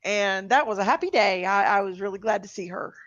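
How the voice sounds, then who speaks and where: A woman hosting a casual chat, lively and effusive. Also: medium pitch, a little fast, no room sound, lo-fi sound. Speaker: host.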